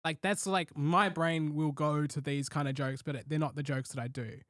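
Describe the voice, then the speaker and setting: A man's voice: a little high, steady tone, fairly bright tone, no room sound, clean studio sound. Rambling man in casual chat. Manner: rambling, swears casually, quick asides. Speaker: podcast host and comedian.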